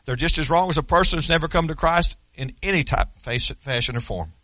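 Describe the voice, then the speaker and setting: Emphatic high-voiced male preacher. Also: a little fast, fairly bright tone, dry recording. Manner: emphatic, repetitive preaching cadence. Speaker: pastor. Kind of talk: sermon.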